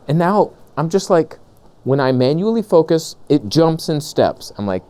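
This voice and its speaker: Sarcastic, animated man ranting on a lav mic. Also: a little slow. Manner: sarcastic, animated, swings between high mock voices and low grumbles. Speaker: camera vlogger. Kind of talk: comedic rant vlog. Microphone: lavalier.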